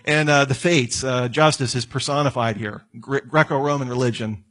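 Speaking at normal speed, this pastor has a medium pitch, fairly even intonation and a fairly bright tone. His sermon unfolds through stories in which he performs the voices of each character.

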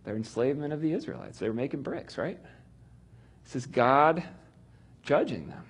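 A man's voice: medium pitch, big pitch swings, moderate pace, husky. A middle-aged man teaching about reading Scripture in a conversational way, acting out the people he quotes. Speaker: Bible teacher.

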